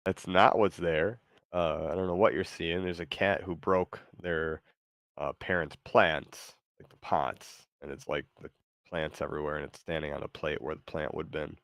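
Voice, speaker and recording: Deep-voiced man, halting and easygoing. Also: fairly even intonation, fairly bright tone, no echo. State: tired, yawning. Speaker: show host. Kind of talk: casual chat with an AI.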